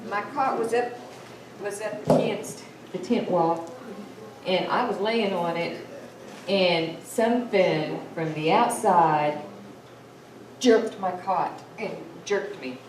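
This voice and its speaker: Slow plain-spoken woman in a hall. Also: on the low side. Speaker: symposium speaker. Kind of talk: recounting her own experience. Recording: echoey hall, distant mic, faint hiss.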